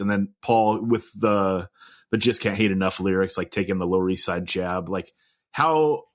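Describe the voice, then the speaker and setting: Low-voiced podcast host asking loosely. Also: male voice. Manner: loose, filler-heavy questioning. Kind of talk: interview questions.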